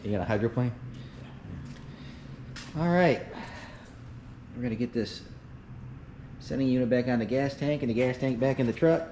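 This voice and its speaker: A man's voice: mid-range voice, moderate pace, long pauses. A man hosting a casual car-repair vlog, joking and teasing as he works in his shop. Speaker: channel host. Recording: echoey, distant mic, loud noise.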